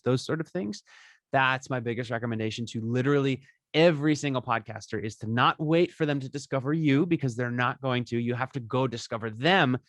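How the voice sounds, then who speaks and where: A man's voice: mid-range voice, dry recording, studio quality. A man as a podcaster guest, giving upbeat, chatty advice and tagging his points with "right?". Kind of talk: casual interview advice.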